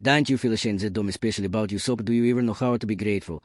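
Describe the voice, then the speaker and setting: A man's voice: lowish voice, racing, a little mellow, no room sound, studio quality, lightly acted. A man reading a scornful, drunk wife's lines in a harsh, scolding way, with little change from his own voice. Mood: demanding. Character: drunk, scornful adult wife.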